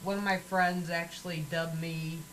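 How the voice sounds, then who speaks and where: A woman's voice: lowish voice, level tone, moderate pace, fairly bright tone, a little hiss or hum, poor audio. A woman from Missouri chatting casually as co-host, playful and jokey. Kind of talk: casual chat.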